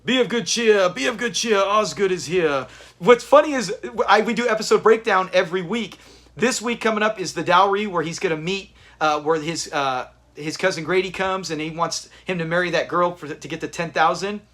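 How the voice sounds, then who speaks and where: A man's voice: sits high, fairly quick, fairly bright tone. A man hosting a live watch party, chatting casually with viewers and thanking them by name. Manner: chatty, reads out viewer names, restarts often.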